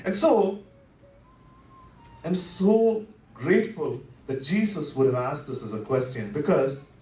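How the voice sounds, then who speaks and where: A man preaching a Good Friday sermon in a church, talking conversationally with lots of "you know" fillers, dropping to soft, low asides and then rising with passion. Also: expressive, slow. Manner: swings between soft, low asides and impassioned rises. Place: church worship center. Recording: echoey sanctuary heard from a distance.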